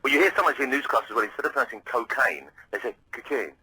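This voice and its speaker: A man's voice: medium pitch, animated, racing, pushed and bright, husky, dry recording, low-quality recording. A man calling in to a radio show by phone, teasing and telling stories in a mock-pompous way. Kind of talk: casual radio chat by phone.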